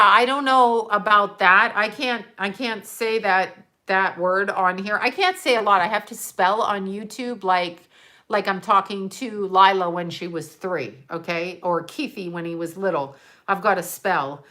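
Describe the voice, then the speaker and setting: Older woman, bright voice, casual rambling vlog talk, laughs a lot, swears, drifts between topics. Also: medium pitch, unhurried. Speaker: psychic vlogger.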